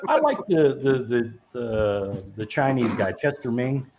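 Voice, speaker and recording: Hosting a podcast, this man chats loosely about films, swearing, laughing often, and stumbling through fillers and restarts. His mid-range voice is expressive and a little mellow, delivered at a measured pace. The audio is dull and lo-fi with slight hiss or hum.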